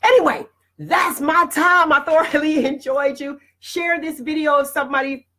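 A woman's voice: high voice, moderate pace, bright, forceful tone. A woman hosting her own show, giving a blunt, emphatic motivational talk straight to her viewers. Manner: addresses viewers directly. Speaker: host.

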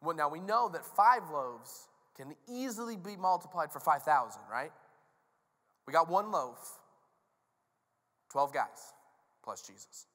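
Joking pastor in a reverberant hall. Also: male voice, a little high, unhurried, long pauses. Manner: conversational, joking, animated storytelling. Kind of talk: sermon. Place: church sanctuary. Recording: long reverb of a large hall.

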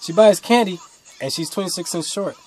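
A young man telling rambling stories to camera in a blunt, casual way, swinging from mutters to loud outbursts. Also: high-pitched, fairly quick. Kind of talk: casual storytelling monologue.

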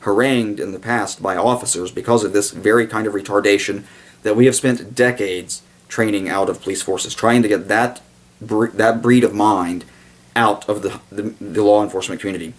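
A man with a fairly low voice delivers a blunt, digressive video commentary a little fast, as a casual monologue. He tosses in sarcastic asides and suddenly switches to mock voices for the people he quotes.

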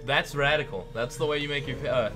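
A man's voice: mid-range voice, brisk. A young man giving jokey, playful commentary on a video game as he plays. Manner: jokey, playful, hums silly tunes. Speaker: gameplay commentator. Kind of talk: casual let's-play chat. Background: game music.

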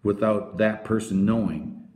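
A man reading a children's novel aloud as narrator, with expressive storytelling. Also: fairly low pitch, unhurried. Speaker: audiobook narrator. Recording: roomy echo.

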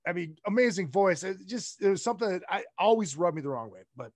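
A man hosting a casual podcast interview, excitable, swearing freely and laughing often. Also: sits high, fast, no room sound, clean studio sound. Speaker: podcast host.

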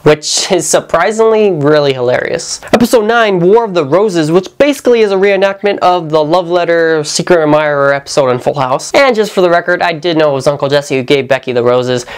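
Woman, low voice, sarcastic, casual TV review vlog. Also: fairly quick, few pauses, smooth. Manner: sarcastic, animated, mimics voices. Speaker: TV review vlogger.

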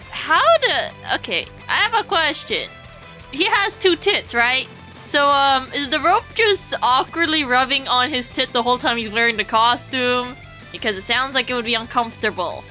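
Bright-voiced, sarcastic young woman streamer. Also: high-pitched, animated, moderate pace, soft background music, poor audio. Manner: sarcastic, crude, laughing. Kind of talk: livestream game commentary.

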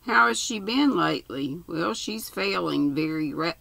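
An older woman reading aloud, voicing a brisk, cheerful middle-aged woman who runs a care home, in a comfortable tone. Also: fairly low pitch, lively intonation, creaky, sharp tone, dry recording, exaggerated voice. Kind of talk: storybook reading.

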